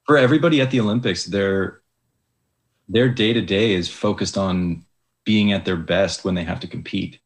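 Young man, low voice, athlete guest, casual, hesitant, many fillers. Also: normal speed. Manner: hesitant, many likes and restarts. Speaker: Olympic ski jumper, guest. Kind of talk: casual interview talk.

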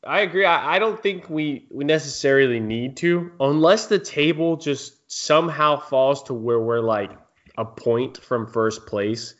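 A man's voice: medium pitch, measured pace, highs cut off. A man hosting a casual sports podcast, chatting and reading listener questions. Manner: conversational, reads listener questions. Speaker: podcast host.

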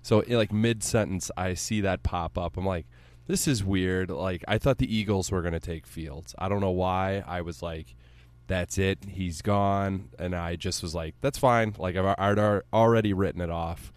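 A man co-hosting a casual sports podcast, telling stories in an excitable, joking and sometimes profane way. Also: low-pitched, normal speed, dry recording. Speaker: podcast co-host.

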